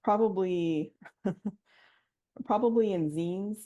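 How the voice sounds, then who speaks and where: A woman playing in a tabletop game, soft-spoken and giggly. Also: mid-range voice, extremely slow, no room sound, dull audio. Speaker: player. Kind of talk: casual chat at a tabletop game.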